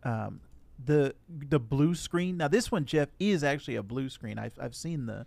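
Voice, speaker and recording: A man co-hosting a casual podcast, talking through a movie and acting out characters' lines in quick asides. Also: mid-range voice, expressive, creaky, darkish tone, dry recording. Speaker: podcast co-host. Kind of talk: casual movie review chat.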